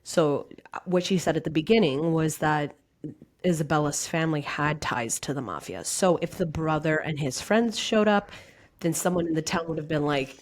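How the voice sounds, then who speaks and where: A woman's voice: deep voice, normal speed, a little hiss or hum. A young woman co-hosting a podcast, chatting in a blunt, slangy, joking way. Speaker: podcast co-host. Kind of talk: casual chat.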